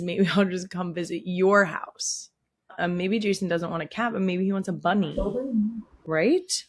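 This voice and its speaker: Young female podcast host, gushy and cooing, middle pitch, dry close mic. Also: no echo. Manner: gushing, coos at animals in soft whispers. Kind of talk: casual chat. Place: indoor studio.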